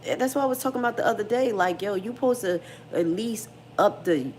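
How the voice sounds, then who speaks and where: Speaking fast in a slightly mellow mid-range voice, this middle-aged woman runs a casual livestream, with a bit of hiss or hum in the audio. Blunt and full of slang, she addresses her viewers head-on and reads their comments.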